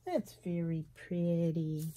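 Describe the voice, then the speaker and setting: A middle-aged woman with a slight Southern US lilt, chatting and thinking aloud as she works on a craft journal in her sunroom, with soft laughs. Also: fairly low pitch, steady tone, slow pace. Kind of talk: casual craft tutorial chat. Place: home sunroom, indoors.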